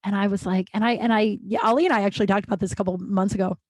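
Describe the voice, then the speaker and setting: A woman in the middle range of pitch hosts her own podcast and tells a personal story straight to the listener. She is chatty and casual, fills her sentences with "like", and briefly acts out the people she quotes. The recording is dry and close, with no room around her voice. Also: fairly even intonation, racing, no echo. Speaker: podcast host.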